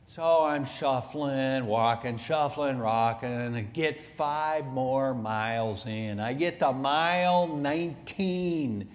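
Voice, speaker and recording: A man telling a story as a motivational speaker at a conference, emphatic and animated, dropping from loud to hushed. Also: mid-range voice, slow pace. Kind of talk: storytelling keynote speech. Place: conference hall. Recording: long hall reverb.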